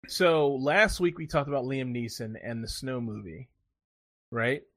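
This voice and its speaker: A man's voice: medium pitch, expressive, measured pace, fairly bright tone, dry recording, clean studio sound. A man co-hosting a casual podcast chat, joking and rambling through a story. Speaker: podcast co-host.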